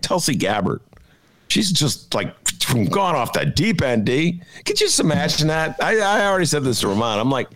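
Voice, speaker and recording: A man hosting a casual political chat podcast, animated and laughing often as he talks. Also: on the high side, no echo. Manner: animated, laughing, breaks into quick impressions. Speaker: podcast host.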